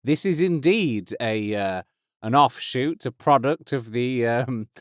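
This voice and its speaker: A man's voice: medium pitch, expressive, slow, no echo. A man in his thirties hosting a casual podcast intro, rambling and self-deprecating on a close mic. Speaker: host. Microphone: close studio mic.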